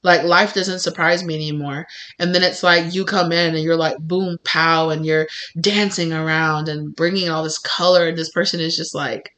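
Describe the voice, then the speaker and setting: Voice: medium pitch, flat delivery, moderate pace, few pauses, pushed and bright. A tarot reader giving a casual pick-a-card reading, rambling and effusive, with many "like"s and restarts.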